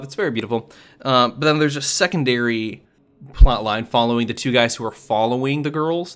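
A man's voice: medium pitch, a bit bright. A man casually recapping a movie in a chatty, rambling way, full of fillers and restarts. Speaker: movie reviewer. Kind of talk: casual spoken review.

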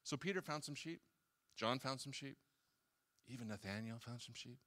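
A man's voice: mid-range voice, normal speed. A man in his sixties preaching a sermon in a church, talking casually and acting out little dialogues. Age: 60s. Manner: animated, conversational preaching with acted-out dialogue. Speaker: pastor. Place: church hall.

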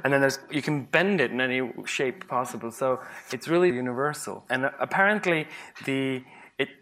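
A man's voice: mid-range voice, moderate pace, pushed and bright. A man, a psychologist, giving a humorous conference talk, playful and sarcastic, often laughing at his own examples.

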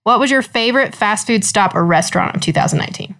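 A woman's voice: mid-range voice, expressive, quick pace, a bit bright. A woman co-hosting a podcast in casual chat, upbeat and giggly with brief answers. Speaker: podcast co-host.

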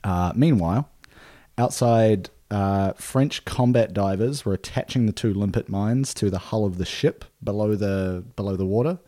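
A man's voice: fairly low pitch, normal speed. A man, co-hosting a podcast and casually retelling a true story with plenty of fillers. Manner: relaxed, laid-back retelling with frequent fillers. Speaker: podcast co-host.

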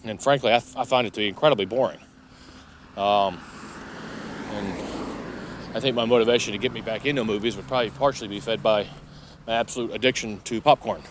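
Low-voiced man rambling on a podcast. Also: brisk, pauses often, noisy background. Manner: casual and profane, with frequent restarts. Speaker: podcast host. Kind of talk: rambling solo podcast monologue. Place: inside a parked vehicle.

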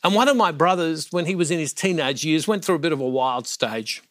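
A man's voice: a little high, animated, a little fast, fairly bright tone, dry recording, clean studio sound. A middle-aged man hosting a daily devotional reflection. He speaks in an earnest, heartfelt way and repeats words when he is moved. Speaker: Catholic ministry host.

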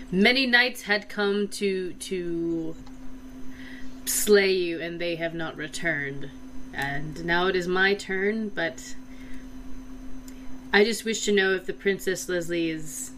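A woman voicing Ravine, a polite, hesitant young male knight, speaking lower and softer than her own voice. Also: a little hiss or hum, rough recording.

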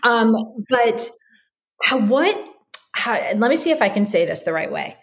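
A woman's voice: fairly high pitch, very animated, a little slow. A woman hosting a podcast interview who rambles through her questions, restarting them often and murmuring along while her guest talks. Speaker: podcast host. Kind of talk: casual interview chat.

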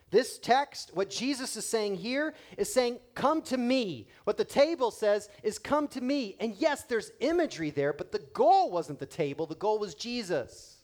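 Animated, jokey male preacher. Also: sits high. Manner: animated, jokey preaching that acts out quotes in voices. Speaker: pastor. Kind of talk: sermon.

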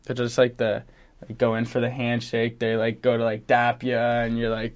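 A man's voice: medium pitch, monotone, moderate pace. A man co-hosting a casual sports podcast, rambling with frequent swearing and restarts. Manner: rambling, swears often, self-interrupting. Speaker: podcast co-host. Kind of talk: casual chat.

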